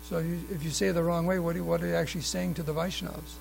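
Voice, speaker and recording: A man's voice: a little high, level tone, very fast, gravelly, darkish tone, a little hiss or hum, rough recording. A man giving a scripture class, reading passages aloud and adding asides and questions for the audience, often restarting his sentences. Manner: frequent restarts and fillers. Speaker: class speaker at a temple. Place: temple hall.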